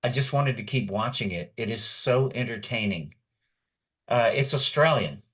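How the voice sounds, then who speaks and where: A man's voice: medium pitch, lively intonation, normal speed, a bit bright, slightly rough. A middle-aged man, a voice actor and guest, telling long rambling stories in a casual interview chat. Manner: rambling storyteller.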